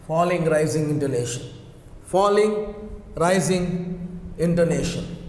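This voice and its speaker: A man teaching a class, slowly repeating key phrases, with fillers when he hesitates. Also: fairly high pitch, a little hiss or hum. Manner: slow, repetitive, with hesitant fillers. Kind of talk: classroom lecture. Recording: echoey room with long reverb.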